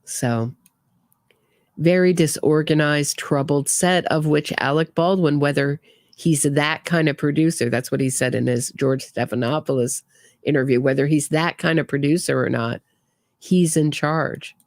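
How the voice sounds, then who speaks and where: A woman's voice: low-pitched, unhurried, no echo, studio quality. A woman hosting a true crime commentary, talking casually and sarcastically with frequent restarts. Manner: opinionated, sarcastic, trailing restarts.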